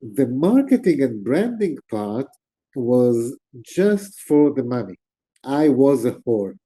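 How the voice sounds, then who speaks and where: A man with a very dark, mellow voice tells a long story to an interviewer. He is middle-aged and talks with his hands, animated and expressive. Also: medium pitch, slow pace, breathy edge. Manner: animated, gestures with hands while talking. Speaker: interview guest. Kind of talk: storytelling in conversation.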